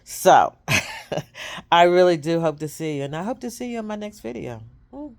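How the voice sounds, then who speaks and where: A woman's voice: lowish voice, animated, fairly quick, creaky, a little mellow. Woman vlogger, candid rambling chat to camera, repeats herself. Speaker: self-published author vlogging.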